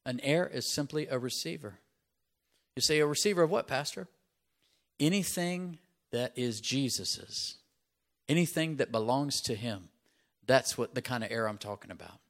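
A middle-aged man preaching in a conversational way, at an everyday middle pitch. He checks in with the congregation with "right?" and builds to loud, emphatic peaks on his main points. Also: expressive, normal speed. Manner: conversational asides with repeated "right?". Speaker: pastor. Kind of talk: sermon.

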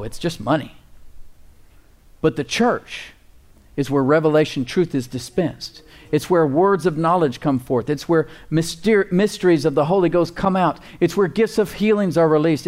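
A man's voice: a little high, darkish tone. A man preaching a sermon as pastor, emphatic, with call-and-response asides and repeated words for emphasis.

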